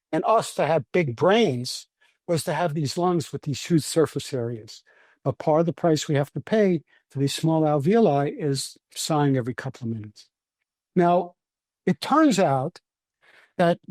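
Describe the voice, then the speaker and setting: Brooklyn-accented man explaining science, mellow voice. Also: fairly high pitch, no echo, studio quality. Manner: patient, lecturing, with frequent restarts. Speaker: breathing scientist guest. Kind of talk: explanatory interview answers.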